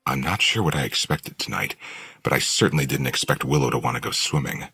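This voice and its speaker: A man narrating a novel in the first person, in an even, measured storytelling voice. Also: very deep voice, slightly rough, dry recording, clean studio sound. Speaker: audiobook narrator.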